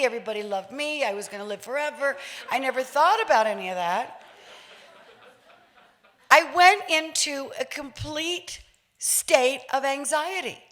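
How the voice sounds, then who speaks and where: A woman in her sixties giving a public talk, telling a personal story in an animated way and acting out voices with laughs. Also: high-pitched. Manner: lively, acts out voices, laughs while telling. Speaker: featured speaker.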